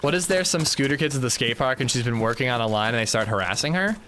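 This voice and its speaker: A man's voice: mid-range voice, animated, fast, sharp tone, slight background noise. A man livestreaming a game, chatting casually and telling stories, swearing and acting out the quotes. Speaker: streamer. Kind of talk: casual livestream chat while gaming.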